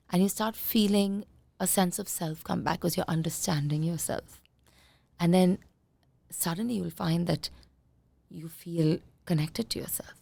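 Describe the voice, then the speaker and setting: A woman parenting coach being interviewed on a podcast, talking in a calm coaching tone and sometimes acting out what parents say. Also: on the low side, normal speed, creaky, no echo. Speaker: conscious parenting coach, guest.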